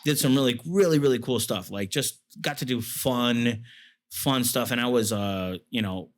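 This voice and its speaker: A man's voice: mid-range voice, normal speed. A man talking as an interview guest, a military veteran telling stories in a rambling way with many fillers and restarts. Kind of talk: casual storytelling.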